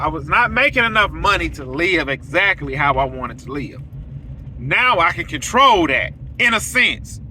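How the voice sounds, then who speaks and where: A man's voice: a little high, sharp tone, a little hiss or hum, low-quality recording. A man, a welder hosting his own show, telling a story straight to his viewers in a blunt, preachy way. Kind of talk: casual storytelling monologue to viewers.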